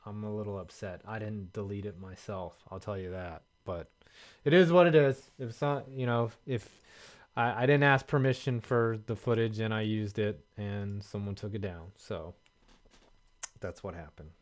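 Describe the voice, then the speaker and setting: A man's voice: on the low side, fairly even intonation, moderate pace. Wry, mumbling sports-stream host, male. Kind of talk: casual sports chat.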